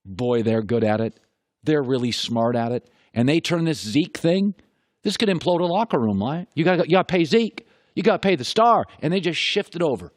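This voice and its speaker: A middle-aged man hosts a sports talk show in a lively, swooping voice. He leans on rhetorical questions and hammers his points by repeating them. The sound is close and dry. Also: on the high side, dry recording. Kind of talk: opinionated sports talk monologue.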